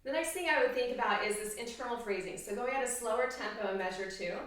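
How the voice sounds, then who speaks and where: A woman's voice: fairly high pitch, fast, noisy background. Upbeat woman teaching in an echoey room. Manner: upbeat, encouraging, sings rhythms aloud. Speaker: oboe professor. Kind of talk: instructional music lesson. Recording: very echoey room, distant mic.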